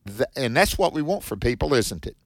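Male radio preacher, mid-pitched, emphatic scripture teaching, dry close mic. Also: very animated, gravelly, dry recording. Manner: warm-hearted, emphatic, reads scripture then comments quickly. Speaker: radio Bible teacher host.

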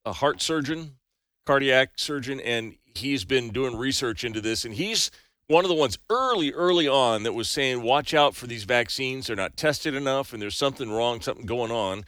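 A man's voice: mid-range voice, animated, moderate pace, a bit bright, no room sound, studio quality. A man co-hosting a casual talk show, chatty and joking, with many restarts as he tells stories and reads out news. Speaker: news segment host.

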